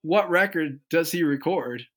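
Animated man telling band stories. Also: fairly high pitch, a little slow. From United States. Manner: animated storyteller who acts out quoted voices. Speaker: guest musician. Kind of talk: casual interview storytelling.

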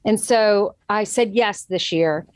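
A woman's voice: medium pitch, slow pace, no room sound, clean studio sound. A woman in her thirties chatting as a guest and telling a parenting story, quoting others vividly as she goes. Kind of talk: casual chat.

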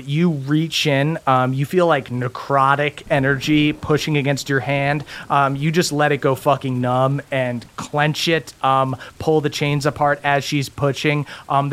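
A man's voice: a little high, fairly bright tone. A man narrating a tabletop game as game master, loose and full of fillers.

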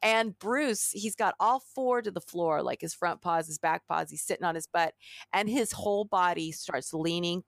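This middle-aged podcast co-host has a low, gravelly voice and speaks at normal speed during casual chat. Animated in her storytelling, she acts out quotes, and the sound is dry and close.

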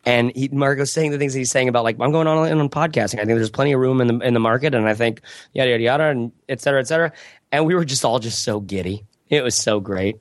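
A man's voice: mid-range voice, quick pace, no room sound, clean studio sound. A man talking casually on a podcast, rambling and reflective, laughing often as he tells stories.

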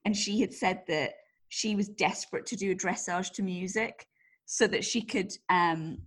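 A woman's voice: medium pitch, fairly even intonation, moderate pace. A woman co-hosting a podcast, chatting and passing on listener messages. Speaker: podcast co-host. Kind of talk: casual chat.

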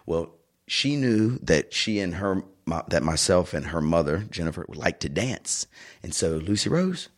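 A man's voice: deep voice, big pitch swings, normal speed. A middle-aged man co-hosting a podcast, telling family stories in a rambling, chatty way full of asides. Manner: rambling, warm storyteller with restarts and asides. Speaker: podcast co-host. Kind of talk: casual chat, personal storytelling.

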